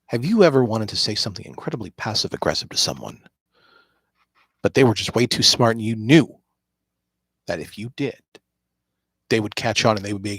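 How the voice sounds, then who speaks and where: A man hosting a casual podcast alone, rambling and joking, swearing freely and swinging from mumbled asides to loud outbursts. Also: lowish voice, animated, fairly quick, long pauses, slightly rough, no echo, studio quality. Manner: joking, swearing, jumps between quiet asides and loud bursts. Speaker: podcast host.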